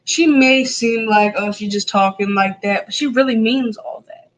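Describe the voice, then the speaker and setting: A woman guest on a talk show, her voice a little on the high side. She talks in an earnest, reflective way in casual conversation. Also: normal speed, low-quality recording. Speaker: guest, host's daughter. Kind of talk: casual chat.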